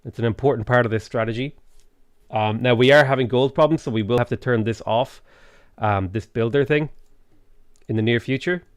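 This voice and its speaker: A man streaming a strategy game live, thinking aloud in a relaxed way with frequent ums. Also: medium pitch, a little fast, clean tone, no echo, studio quality. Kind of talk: live gameplay commentary.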